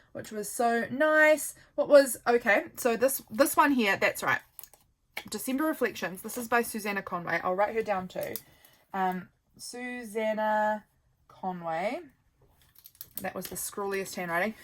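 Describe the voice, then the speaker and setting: A young woman with a New Zealand accent, chatting casually and rambling as she flips through her journal, tired and yawning. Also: mid-range voice. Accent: New Zealand English. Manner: chatty, rambling, warm asides to viewers. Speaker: journaling vlogger. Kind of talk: casual flip-through chat. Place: home.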